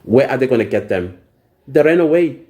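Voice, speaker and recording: A man's voice: medium pitch, animated, a little fast, a little mellow. Angry man ranting. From South Africa. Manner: indignant, emphatic, repeats phrases for emphasis. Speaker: vlogger. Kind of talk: angry personal vlog rant.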